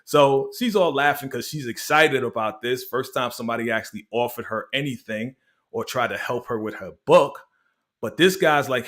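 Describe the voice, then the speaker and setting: A man hosts a casual review show and recaps a TV episode. He tells the story in a lively way and plays out the characters' lines himself. His voice sits at an ordinary middle pitch. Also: moderate pace. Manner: animated storytelling, acts out characters' lines, laughs often. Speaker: YouTube TV recap host.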